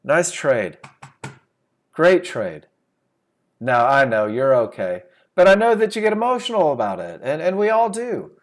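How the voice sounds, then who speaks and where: A man teaches a live trading webinar in a lively, swooping voice that sits a little high. He talks emphatically, asks his listeners questions and then answers them himself. He sounds like he is speaking into a computer microphone. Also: unhurried. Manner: emphatic, rhetorical questions, repeats key phrases. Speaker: trading instructor.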